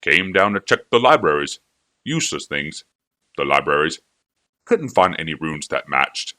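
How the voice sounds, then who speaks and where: A man voicing a gruff bearded scholar with a low, rumbling voice and a pitch that rises and falls wildly. His speech is blunt and clipped and hearty. The performance has an audiobook storytelling feel. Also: sing-song, normal speed, sharp tone, heavily acted. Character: gruff, bearded, lame older male scholar.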